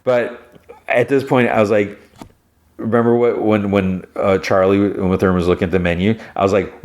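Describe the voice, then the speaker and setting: A man hosting a podcast, recapping a TV episode in a rambling, excitable way. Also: on the low side, normal speed. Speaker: podcast host.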